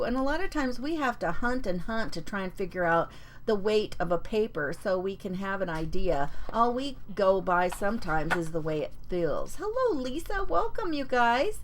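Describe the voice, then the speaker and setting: A woman's voice: mid-range voice, poor audio. A woman hosting a live paper-craft demonstration from her home craft desk. She chats casually and greets viewers by name as she works.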